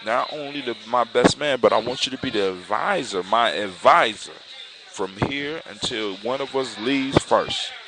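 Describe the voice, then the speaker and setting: A man's voice: mid-range voice, unhurried, lightly acted. A man voicing an eager, earnest young prince in a spoken folktale. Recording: clear background hiss.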